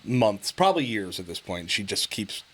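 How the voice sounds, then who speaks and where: A man's voice: lowish voice, sing-song, normal speed, a bit bright, slightly rough. A middle-aged man co-hosting a podcast, chatting casually, swearing freely and breaking into laughter as he tells family stories. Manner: profane, laughs a lot while telling stories. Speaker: podcast co-host. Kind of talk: casual chat.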